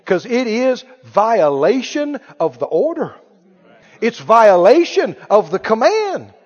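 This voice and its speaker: Animated preacher in a reverberant hall. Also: male voice, high-pitched, takes it slowly. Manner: animated preaching with call-and-response questions. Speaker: pastor. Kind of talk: sermon. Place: church sanctuary. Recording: muffled, reverberant church hall.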